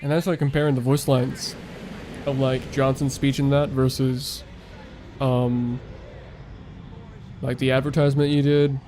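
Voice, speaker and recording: A man's voice: mid-range voice, little pitch movement, unhurried, long pauses, mellow, a little hiss or hum. A young man chatting casually while streaming a game he makes, rambling with lots of fillers, his voice worn out late at night. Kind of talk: casual gaming stream chat.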